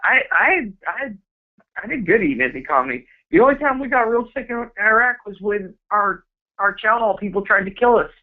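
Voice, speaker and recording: A man co-hosting a radio show, telling a war story in a blunt, profane, deadpan way. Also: high-pitched, fairly quick. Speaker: radio co-host. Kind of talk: casual chat. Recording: dull lo-fi radio show audio.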